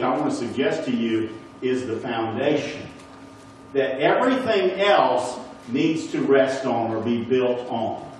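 A man's voice: mid-range voice, darkish tone, slight background noise. A man teaching a Bible lesson to a congregation, who keeps checking in with his listeners and asking them questions. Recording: echoey room recorded from a distance.

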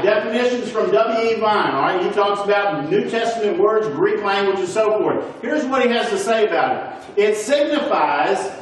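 Man, Bible class teacher, high voice, asks the audience questions, distant mic, booming room echo. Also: a little hiss or hum. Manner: keeps checking in with the audience. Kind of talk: teaching a Bible lesson to a congregation. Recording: echoey room recorded from a distance.

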